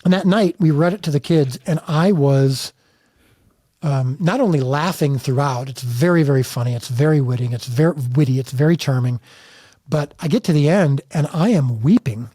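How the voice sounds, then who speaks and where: A man's voice: on the high side, moderate pace, warm tone, breathy edge, dry recording, clean studio sound. A middle-aged man from the United States, a filmmaker telling stories in a candid interview with emphatic, earnest restarts. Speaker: filmmaker guest.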